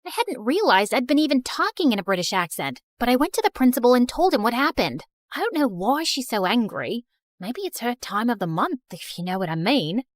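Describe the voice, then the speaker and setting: A woman voicing a sarcastic, chatty teenage girl who narrates her own animated story. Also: fairly high pitch, quick pace, few pauses, dry recording, studio quality. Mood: playful.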